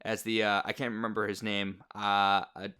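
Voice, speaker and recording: A man co-hosting a film podcast who talks in a quick, candid and reflective way. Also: fairly low pitch, level tone, sharp tone, smooth. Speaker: podcast co-host. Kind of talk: casual film discussion.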